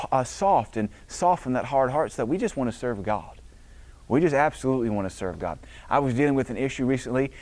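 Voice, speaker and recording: A man's voice: mid-range voice, no echo. A middle-aged man preaching a sermon as pastor, emphatic, with a preacherly cadence as he quotes scripture.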